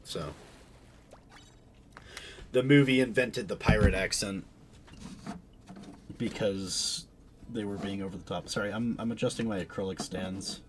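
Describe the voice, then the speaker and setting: A man with a fairly low voice chats casually while he streams a game. He rambles and keeps restarting his sentences, full of fillers and detours. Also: a little slow, long pauses, slight background noise. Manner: rambling, self-interrupting, many fillers.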